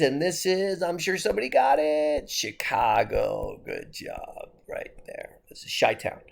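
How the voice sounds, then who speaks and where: A man with an American Midwestern accent teaches a history lesson in a recorded classroom lecture, his animated voice leaping high and dropping low. A gravelly rasp runs through his tone as he poses questions and answers them himself.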